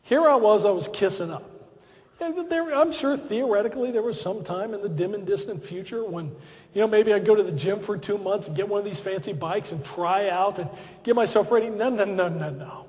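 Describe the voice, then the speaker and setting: A man's voice: high voice, brisk. A man giving a humorous, self-deprecating after-dinner speech at a podium in a large banquet hall. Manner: self-deprecating, lively storytelling.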